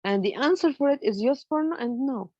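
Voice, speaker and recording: A woman's voice: high-pitched, lively intonation, brisk, darkish tone, husky, no echo. Woman, grammar lecturer, explains step by step, checks understanding, dull lo-fi sound. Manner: explains step by step, fills with "you know" and checks understanding with "okay?".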